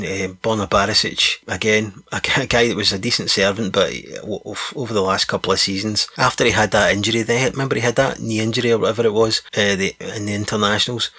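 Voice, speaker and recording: A man talks football on his own podcast in a loose, rambling way, often correcting himself mid-sentence and chuckling. His voice sits a little low, and the recording is dry and close with no room sound. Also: pushed and bright, no room sound. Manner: chatty, rambling, self-correcting with frequent laughs. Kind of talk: casual solo podcast chat.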